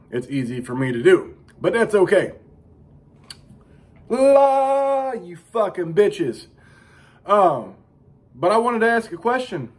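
Husky middle-aged man, crude rambling monologue, profane, deadpan asides. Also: on the high side. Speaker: vlog host.

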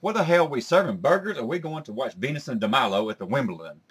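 A crass woman, voiced by a man in his plain, mid-pitched voice spins crude workplace gossip. She drawls out her comedy-sketch stories with no filter at all. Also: expressive, quick pace, slightly rough. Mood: gossipy.

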